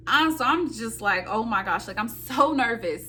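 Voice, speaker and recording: A young woman telling a story on her vlog, animated and dramatic, talking straight to her viewers and acting out her own loud high-pitched reactions. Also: moderate pace, soft background music. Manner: talks straight to viewers, calling them y'all. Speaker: nursing student vlogger.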